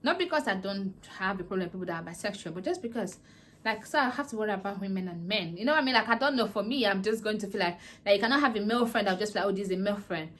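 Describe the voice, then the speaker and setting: A woman's voice: mid-range voice, very fast. Chatty woman recapping a series. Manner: animated, acts out characters' lines, laughs. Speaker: vlogger reviewing a series. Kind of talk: casual chatty plot recap.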